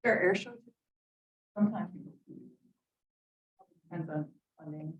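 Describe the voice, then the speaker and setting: Woman, low-ish voice, chatty meeting member, recorded from across the room. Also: unhurried. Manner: chatty, tells anecdotes with quoted asides. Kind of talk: casual meeting chat. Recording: distant mic, dull lo-fi sound.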